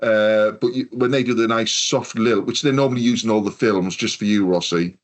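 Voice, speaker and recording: A UK man hosts a casual podcast chat, telling rambling stories and swearing often. His voice sits fairly low, with a steady tone and a brisk delivery.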